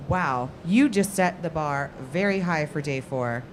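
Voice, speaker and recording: An energetic woman hosts a live chat from a trade show lounge. Her pitch swings widely as she jokes and cheers her guests on. A faint hiss sits under the recording. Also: a little slow. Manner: upbeat, playful, laughing often. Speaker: host.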